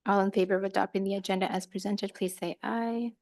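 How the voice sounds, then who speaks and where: A woman running a school board meeting at an average pitch. She calls the votes in an orderly, measured tone, speaking into a microphone at the board table. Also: fairly even intonation, a little mellow. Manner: procedural and measured, also speaks some Spanish. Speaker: board chair.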